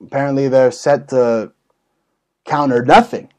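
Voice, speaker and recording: Male host, young, slightly high voice, rambling crude rants, loud bursts. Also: moderate pace, low-quality recording. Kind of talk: casual talk show banter.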